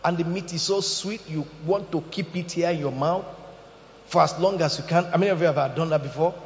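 A man preaching a sermon, telling animated stories and asking the congregation questions. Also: a little high, brisk. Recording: echoey hall, dull sound.

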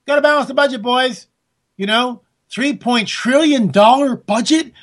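A man's voice: very high voice, moderate pace, fairly bright tone. A man hosting a political talk radio show, ranting and sarcastic, talking straight to his listeners. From California.

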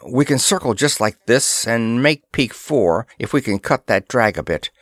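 A man's voice: medium pitch, animated, moderate pace, fairly bright tone, no room sound, studio quality. A man reading a pulp adventure story, voicing the hero commander with clipped commands. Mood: commanding. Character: brisk male airship commander, decisive hero.

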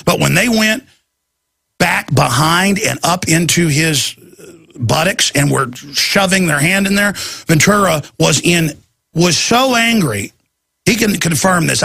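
A man hosts a talk show in a rambling, casual monologue, restarting often and acting out quotes. His voice sits a bit high for a man, gravelly and husky with a sharp, forceful edge. The sound is dry and close. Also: no room sound.

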